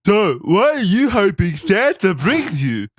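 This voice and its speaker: A man's voice: sits high, big pitch swings, a little slow, no echo, clean studio sound, voice pushed up, full character voice. A man voicing a creepy middle-aged male online predator, reading chat lines in a put-on nerdy, sleazy voice. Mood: sleazy eager.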